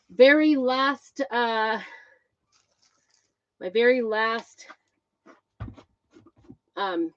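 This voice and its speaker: A middle-aged woman chats her way through a live crafting session, greeting viewers by name and filling pauses with ums. Her voice sits a little high, a touch breathless. The sound is dry and slightly dull, like a basic home setup. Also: no room sound. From Idaho, USA. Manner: chatty, greets viewers by name, many fillers. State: a bit out of breath. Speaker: crafting livestream host. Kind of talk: casual live crafting chat.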